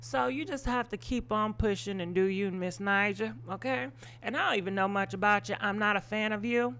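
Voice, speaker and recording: Hosting a live gossip stream, this woman talks briskly in a medium-pitched, somewhat bright voice. She rambles through blunt, opinionated takes, swearing a lot and wandering off into asides with plenty of ums.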